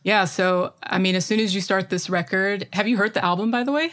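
A woman's voice: mid-range voice, brisk, fairly bright tone. A woman with a Midwestern accent, co-hosting a casual chat about music with lots of enthusiasm and fillers. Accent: Midwestern American. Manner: enthusiastic, chatty, many fillers. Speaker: podcast co-host.

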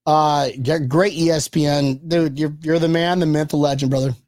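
A young man co-hosting a fan podcast in casual chat, excitable and joking, laughing often. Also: a little high, normal speed, no room sound, studio quality. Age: young adult. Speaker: podcast co-host.

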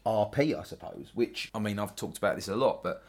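A man's voice: on the low side, expressive, a little fast, gravelly, a little mellow. A man with a London accent, talking through ideas in a casual discussion, reflective and rambling with asides.

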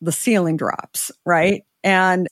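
A middle-aged woman, an interview guest, telling a story in a conversational way, animated and acting out the dialogue she quotes. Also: fairly low pitch, slow pace, no echo, clean studio sound.

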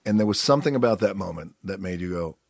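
A man's voice: sits low, lively intonation, quick pace, dry recording, studio quality. A middle-aged man in a casual conversation, encouraging the other speaker with prompting questions. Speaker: podcast guest.

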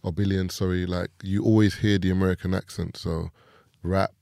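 A young man with a London accent talks things through as a podcast guest, often repeating himself as he thinks. His voice is low and gravelly with a dark tone. The sound is dry and close. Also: little pitch movement, normal speed, no room sound. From England. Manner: thoughtful, repeats himself, laid back. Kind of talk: casual chat.

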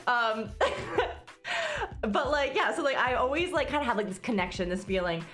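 A woman's voice: fairly high pitch, sing-song, normal speed, fairly bright tone. A woman co-hosting a podcast, talking in a chatty, earnest way with many fillers. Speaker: podcast co-host. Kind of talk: casual chat.

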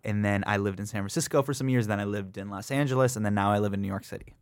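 Gravelly-voiced man telling stories animatedly. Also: fairly low pitch, very fast, no echo, clean studio sound. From United States. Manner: animated storyteller who acts out other people's lines. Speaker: comedian guest. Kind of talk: conversational interview. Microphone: studio microphone.

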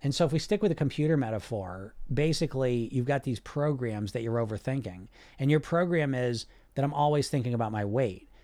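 His mid-range voice moves a little fast, with hardly any pauses. He's a podcast host and weight loss coach who speaks directly and animatedly, dropping rhetorical questions and check-ins such as "right?" and "you see?", with the occasional swear word.

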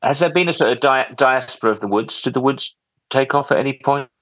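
A man's voice: mid-range voice, brisk, fairly bright tone, dry recording, lo-fi sound. A man hosting a casual podcast, reading out listener letters with a jokey, teasing manner. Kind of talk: casual chat.

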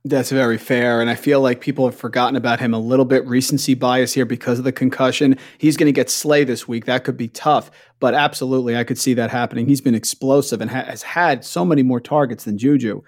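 A man's voice: medium pitch, fairly even intonation, fast, few pauses. A man hosting a casual podcast chat, setting up topics and asking his guest questions. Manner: conversational, asks questions and sets up topics. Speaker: podcast host.

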